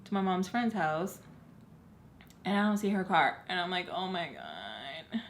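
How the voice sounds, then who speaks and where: A young adult woman vlogger chatting through a storytime, retelling events in an animated, casual way full of likes. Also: mid-range voice, normal speed.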